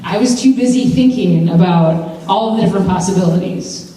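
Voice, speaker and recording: A woman's voice: fairly low pitch, normal speed, recorded from a distance. Chatty woman in an echoey hall. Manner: chatty, animated, lots of "like" and "um". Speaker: mental health speaker. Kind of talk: personal storytelling talk to students. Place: large university lecture hall.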